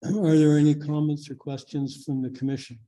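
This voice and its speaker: Measured man chairing a meeting. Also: a little high, little pitch movement, warm tone, rough recording. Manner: procedural, measured. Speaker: commission president. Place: government meeting room.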